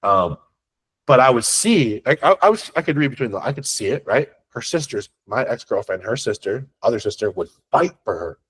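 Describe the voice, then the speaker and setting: A man with a husky voice coaches a class on sales. He talks bluntly and swears freely, rambling, restarting his sentences and tossing in quick questions to the listener. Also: medium pitch, big pitch swings, fairly bright tone. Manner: blunt, profane, conversational. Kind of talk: unscripted masterclass talk.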